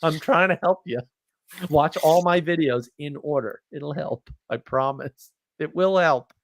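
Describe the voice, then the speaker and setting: A man's voice: a little high, a little slow, slight background noise. A man hosting a casual, rambling chat, blunt and self-deprecating, joking as he talks. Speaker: host.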